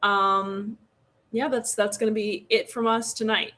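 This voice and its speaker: A woman's voice: mid-range voice, little pitch movement, a little slow, sharp tone. A woman co-hosting a casual livestream, rambling and joking with fillers as she wraps up. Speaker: podcast co-host.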